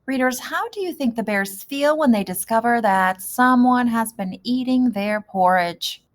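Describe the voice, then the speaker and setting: A woman teacher leading a reading lesson, gently asking young readers questions about a story. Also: fairly high pitch, animated, measured pace.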